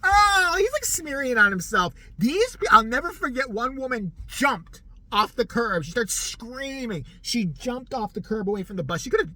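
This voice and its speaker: Animated, bright-voiced storytelling man. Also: very high-pitched, moderate pace, no echo. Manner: animated, profane, laughs often while telling. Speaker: vlogger. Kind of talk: casual storytelling.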